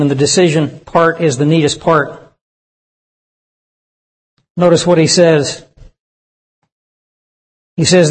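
A man preaching a sermon with passion, acting out the voices he quotes and swinging between loud and hushed delivery. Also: fairly high pitch. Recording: reverberant hall.

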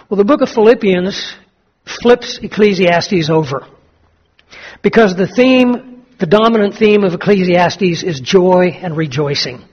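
A man with a high voice preaching a sermon. He tells a story and then slows down to stress each point. The recording is dull and lo-fi. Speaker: pastor.

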